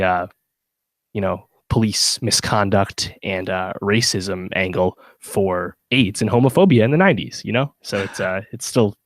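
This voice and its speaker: A man's voice: lowish voice, no echo. A man co-hosting a podcast, chatting casually through a TV review with plenty of fillers and restarts. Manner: rambling, many fillers and restarts. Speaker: podcast co-host.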